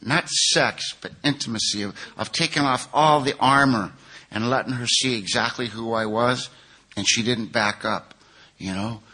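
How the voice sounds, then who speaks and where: An older man from California telling his recovery story at a twelve-step conference, candid and self-mocking, moving between hushed and loud. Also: mid-range voice, normal speed. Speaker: recovery speaker.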